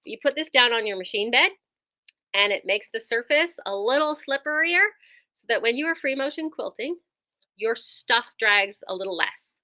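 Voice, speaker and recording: A woman's voice: fairly high pitch, expressive, normal speed, pushed and bright. A woman who runs a quilt shop, chatting enthusiastically through a casual product demo with lots of ums and likes.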